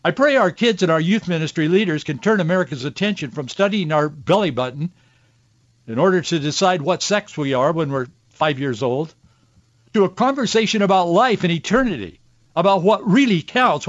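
A man's voice: high voice, animated, moderate pace, no echo. A male radio talk host giving impassioned Christian commentary, earnest and preachy, with an emotional pull. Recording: dull, dry studio sound.

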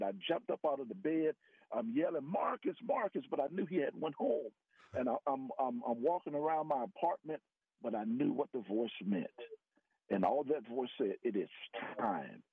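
A man telling his faith testimony as a radio guest, earnest and rising in pitch for emphasis. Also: slightly rough. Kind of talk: personal testimony. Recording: tinny phone-line radio audio.

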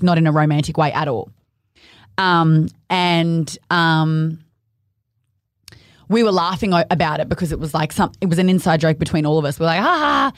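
A woman's voice: fairly low pitch, no room sound, clean studio sound. Blunt Australian woman telling stories. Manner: blunt, animated storytelling, swears freely. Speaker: podcast co-host. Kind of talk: casual chat.

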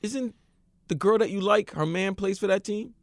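A man's voice: sits high, moderate pace, dry recording. A man co-hosting a studio radio show, teasing his partner and saying bro a lot. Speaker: radio co-host. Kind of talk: studio banter.

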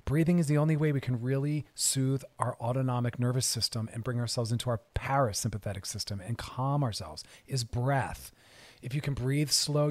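A man with a mid-range voice speaks to an audience in an earnest, motivational way. His delivery is emphatic and direct, with the steady push of a therapist coaching people toward calmer habits. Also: medium pitch.

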